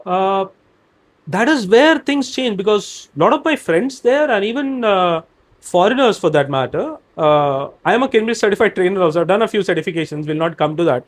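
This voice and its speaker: High-voiced man with Indian English accent. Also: expressive, fairly quick. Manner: expansive, emphatic, lists examples. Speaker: guest, operations director and career trainer. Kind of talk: candid podcast conversation.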